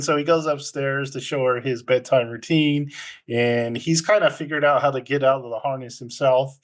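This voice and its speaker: Male podcast co-host, easygoing film-recap chatter, mid pitch. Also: fairly even intonation, normal speed. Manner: rambling retelling with filler ums and laughs. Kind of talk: casual movie recap chat.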